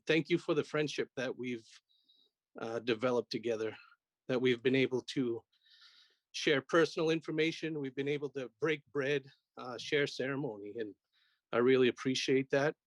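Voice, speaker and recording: Man keeping it short and sincere, dry close sound, middle pitch. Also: moderate pace, dry recording. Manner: plain, brief, sincere. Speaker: commission member. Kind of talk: meeting tribute remarks. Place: video call.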